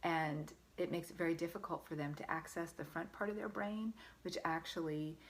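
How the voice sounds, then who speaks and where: A woman's voice: deep voice, steady tone, normal speed. A woman parenting coach giving earnest, encouraging advice straight to the listener, often checking in with them. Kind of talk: direct-to-camera parenting advice.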